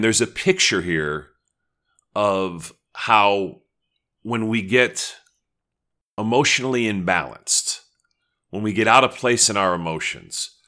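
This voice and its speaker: Low-voiced man preaching a sermon. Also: bright, forceful tone. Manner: conversational teaching with prayerful asides. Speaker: pastor.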